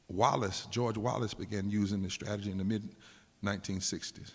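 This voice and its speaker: A man's voice: expressive, creaky, fairly bright tone. Preaching man in an echoing hall. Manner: emphatic preaching cadence, dropping low and slow for weight. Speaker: preacher and activist speaker. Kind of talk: preached political speech. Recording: long hall reverb.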